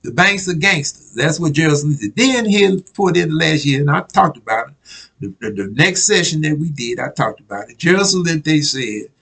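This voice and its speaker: A man's voice: on the high side, lively intonation, fairly quick, creaky, fairly bright tone, husky, poor audio. A man preaching a casual sermon, reading news clippings aloud and often asking if listeners follow him. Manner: conversational, keeps asking "you follow me?"; repeats himself, restarts words.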